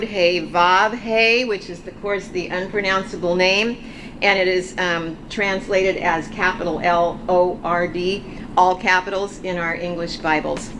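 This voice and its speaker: Slow, patient woman teaching the alphabet. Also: medium pitch, a bit bright. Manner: leads viewers to repeat sounds and words aloud. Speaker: Hebrew teacher. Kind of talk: beginner Hebrew alphabet lesson. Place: ministry office. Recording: noisy background.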